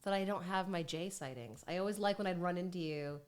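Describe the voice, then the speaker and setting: A woman talks as a guest in a loose, candid way, often poking fun at herself. Her voice sits a little low for a woman, and she is chatty throughout. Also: brisk, a little mellow. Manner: chatty, candid, self-mocking. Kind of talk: casual chat.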